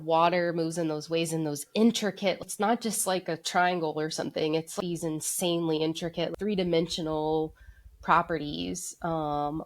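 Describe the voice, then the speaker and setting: A woman with a deep, low-pitched voice co-hosts a casual podcast. She sounds stuffy and congested from a cold. She rambles loosely and fills her sentences with fillers. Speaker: podcast co-host.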